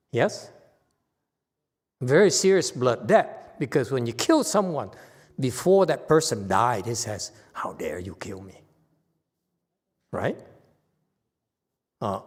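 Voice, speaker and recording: Male meditation teacher, Chinese accent, unhurried conversational sermon, long hall reverb. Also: medium pitch, slightly rough. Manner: slow, conversational teaching with frequent "okay?" checks. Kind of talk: Dharma talk with audience questions.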